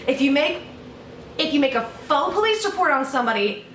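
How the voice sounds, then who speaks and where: A woman's voice: high voice, expressive, a little fast, fairly bright tone, reverberant, far from the mic, slight background noise. A woman YouTuber doing a sarcastic, mock-outraged vlog rant, full of swearing, recorded at home. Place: home room.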